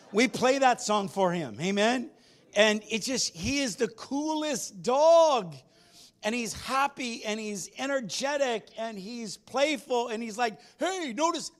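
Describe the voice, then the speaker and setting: A man preaching a sermon as pastor, telling stories in an animated way and moving between loud and hushed delivery. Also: sits high. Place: church sanctuary.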